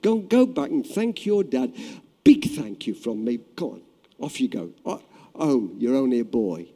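Man acting a dismissive king, deeper voice, brushing off, long hall echo. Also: sing-song, unhurried, dark tone. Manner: patronizing, brushing off. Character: king Saul, a tall grown man, dismissive.

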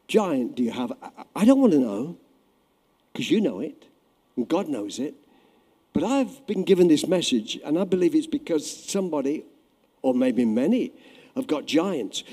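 A male preacher giving an impassioned sermon in a church, swinging from loud declarations to hushed, intimate prayer. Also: a little high. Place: church hall. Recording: echoey hall.

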